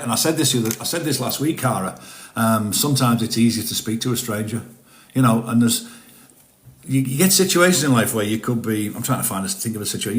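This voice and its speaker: A man's voice: lowish voice, reverberant. A middle-aged man, chatting candidly and rambling a bit as he hosts a live stream and reads out viewer messages. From northeast England. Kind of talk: casual live-stream chat.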